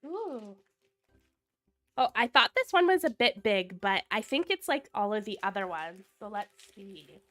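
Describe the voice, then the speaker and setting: Livestream host, female, a little sick with a cold, sultry tone, slow and animated, dry close sound. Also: dry recording. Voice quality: low sultry tone. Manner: gushing, reads viewer comments aloud. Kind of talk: casual livestream chat.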